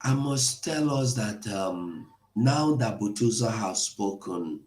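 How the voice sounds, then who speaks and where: A man hosting an impassioned live broadcast, pleading and emotional, at times rising to shouts. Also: lowish voice, lively intonation, slow. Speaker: online broadcast host. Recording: echoey room.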